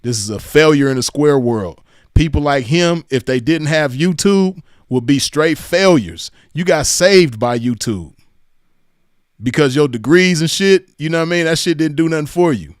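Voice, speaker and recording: A man's voice: fairly high pitch, animated, normal speed, no room sound, clean studio sound. A man from Los Angeles County with a Southern California accent, hosting casual reaction commentary in a mocking tone and laughing often. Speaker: commentary host reacting to clips.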